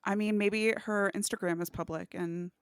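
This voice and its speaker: A woman's voice: medium pitch, normal speed, clean tone, dry recording, clean studio sound. A woman co-hosting a podcast, chatting casually and joking wryly about a movie, with playful swearing. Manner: wry, animated, jokey with playful swearing. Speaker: podcast co-host. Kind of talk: casual chat.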